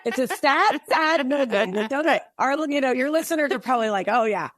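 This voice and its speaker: Woman, earnest testimony, animated storytelling, dry close mic. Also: sits high, brisk, dry recording. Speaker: podcast guest. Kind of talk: faith testimony in casual interview.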